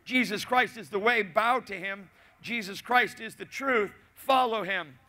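A middle-aged man, a pastor whose voice sits high, preaches unhurriedly. He shares a personal story with asides and repetition, alternating loud passages with hushed ones.

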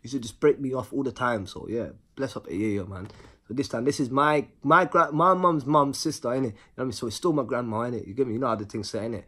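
A man spins a casual storytime monologue. His voice is husky and mid-pitched, and his delivery is animated and packed with street slang and rhythmic repeated words. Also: quick pace.

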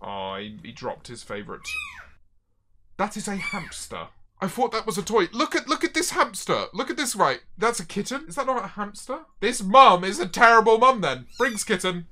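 Bright, joking young man. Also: high voice, very animated, moderate pace, slight background noise. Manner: joking, rambling, self-mocking. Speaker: streamer. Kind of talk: casual reaction commentary. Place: office.

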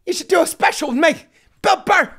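A man doing an impression of a brash, pushy comedian, with a loud and exaggerated delivery pitched well above his usual voice. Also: animated, brisk, exaggerated voice. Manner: shouted, exaggerated.

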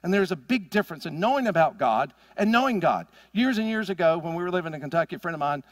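A middle-aged pastor delivers his sermon with emphatic force, pushing his fairly high voice up into loud peaks before dropping into hushed asides. His voice sits close and dry, with almost no room sound around it. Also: expressive, fast talker, no echo. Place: church sanctuary.

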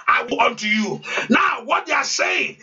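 A man pastor leading a fervent prayer, shouting repeated pleas and speaking in tongues. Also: very high-pitched, lively intonation, normal speed, vocal fry. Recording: distant, dull lo-fi sound.

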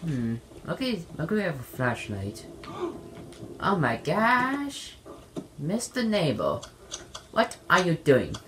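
A young woman giving playful let's play commentary on a game, shouting in bursts and slipping into silly voices. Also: deep voice, wildly swooping pitch, slow pace, pauses often, a little hiss or hum. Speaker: gamer playing a horror game.

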